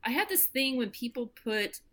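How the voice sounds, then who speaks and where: Bright, quippy woman co-host. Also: on the high side, lively intonation. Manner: quick reactive quips, gushing. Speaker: podcast co-host. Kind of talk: casual chat.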